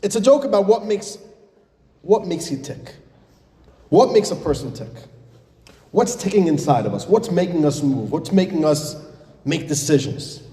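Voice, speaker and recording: A man, a rabbi, giving an animated sermon with a joke, calling his audience dear friends. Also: high voice, normal speed, long pauses. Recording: echoey hall reverb.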